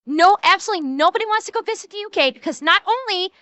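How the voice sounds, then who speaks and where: A young woman streamer giving profane, excitable reaction commentary, rambling with restarts. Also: very high voice, rapid-fire, no room sound. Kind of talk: casual livestream reaction commentary.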